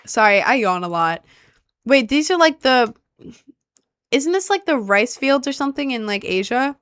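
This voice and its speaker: Young female streamer, slightly high and smooth-voiced, thinking aloud while guessing locations, dry close sound. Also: expressive, normal speed, fairly bright tone, no echo. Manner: thinking aloud, asks chat for help. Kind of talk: casual gameplay commentary.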